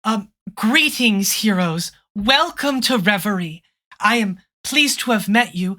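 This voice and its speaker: A game master voicing a gentle, nervous young princess who speaks formally and stammers. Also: medium pitch, animated, unhurried, voice pushed up.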